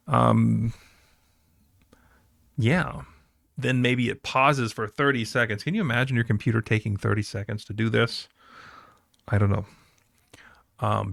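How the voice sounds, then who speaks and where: A man's voice: mid-range voice, fairly even intonation, measured pace, vocal fry, long pauses, a bit bright, dry recording, clean studio sound. A man teaching a class in a recorded lecture, talking conversationally with fillers and asides.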